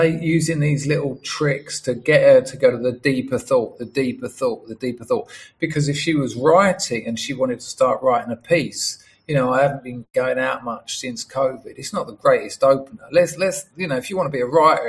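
Gravelly man telling a rambling story. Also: mid-range voice. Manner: rambling, many restarts, acts out quoted dialogue. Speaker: writer and storyteller. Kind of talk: casual monologue.

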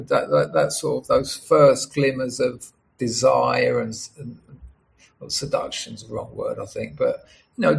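A man's voice: mid-range voice, gravelly. A middle-aged man, a writer, talking casually in a rambling monologue with many restarts, acting out quoted dialogue. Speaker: writer and storyteller.

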